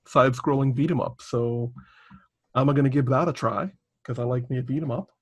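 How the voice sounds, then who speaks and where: A man chatting casually as co-host of a gaming podcast. He rambles through news items, stopping often for ums and uhs. His voice sits at an ordinary middle pitch. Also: steady tone, brisk, husky. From Canada. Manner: rambling, filler-heavy news reading. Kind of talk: casual chat.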